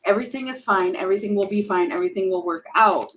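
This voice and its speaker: A woman doing a casual tarot reading, thinking aloud and animated, with many fillers and restarts. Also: mid-range voice, quick pace, low-quality recording. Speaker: tarot reader.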